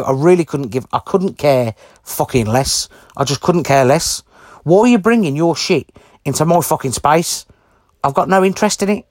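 A man's voice: fairly high pitch, no room sound, clean studio sound. A man delivering an angry, heavily sworn ranting monologue to camera, blunt and indignant. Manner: heavy swearing, blunt and indignant.

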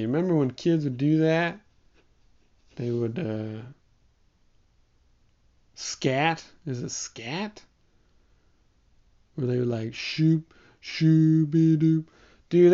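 Slow, mellow, rambling self-mocking talker. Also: mid-range voice, highs cut off. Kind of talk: casual solo chat.

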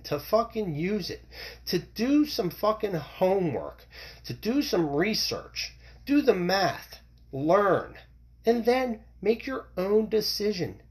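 A middle-aged man from the United States hosting a solo podcast, ranting in a heated, profane way with many restarts and repeated words. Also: high voice. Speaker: podcast host. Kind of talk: opinionated solo podcast rant.

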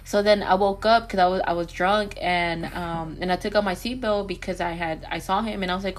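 A woman's voice: on the low side, steady tone, brisk, hardly any pauses. A woman guest talking in a candid, rambling way, full of filler words, in a casual podcast conversation.

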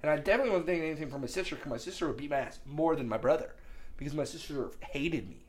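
A man in his thirties tells loose stories, laughing and cursing as he goes. His voice sits a little high for a man, and he keeps the energy up. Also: rapid-fire. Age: 30s. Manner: animated storyteller, swears freely, laughs while talking. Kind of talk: casual chat.

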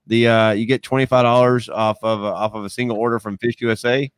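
A young man hosting a casual podcast, relaxed and stammering, often repeating words and calling people dude and man. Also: mid-range voice, fast talker, clean tone, no echo. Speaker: podcast host.

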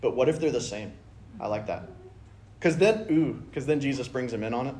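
A man's voice: medium pitch, animated, a little fast, warm tone. A man teaching a casual Bible study, enthusiastic and chatty, often acting out scripture lines. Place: church meeting room. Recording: roomy room sound.

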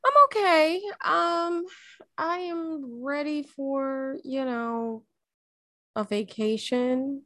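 A woman from Jamaica co-hosting a podcast in casual chat, relaxed and easygoing. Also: high-pitched, drawn-out words, dry recording. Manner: relaxed, easygoing and laughing along. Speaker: podcast co-host.

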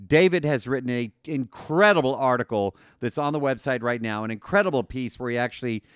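A man's voice: medium pitch, a little fast, fairly bright tone, clear, resonant tone, no echo, clean studio sound. A man hosting a podcast, talking casually and enthusiastically, often repeating and restarting words. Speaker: podcast host.

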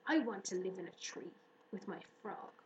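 A woman voicing an excitable, bold young boy who shouts in high bursts. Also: normal speed, natural voice. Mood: eager. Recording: roomy room echo, faint hiss.

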